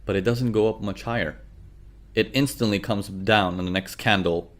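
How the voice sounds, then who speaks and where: A man's voice: on the low side, normal speed. A man teaching a trading lesson over a chart, repeating his questions and acting out traders' worries. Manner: repeats questions, acts out traders' inner voices. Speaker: trading instructor. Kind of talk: screen-share trading lesson.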